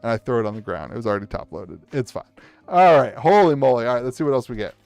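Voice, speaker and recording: A man's voice: medium pitch, quick pace, no room sound. A man hosting a live stream, opening card packs for viewers, cheering big pulls and rambling with many restarts. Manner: excitable, hypes up pulls with cheers and shouts; rambling, restarts sentences often. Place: home streaming setup at a table.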